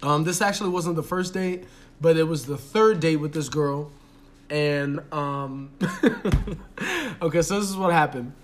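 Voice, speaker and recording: A man co-hosting a podcast, starting his own dating story in a relaxed, joking, profane way. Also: a little high, a little slow. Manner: joking, profane, mocking voices. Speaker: podcast co-host. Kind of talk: casual storytelling chat.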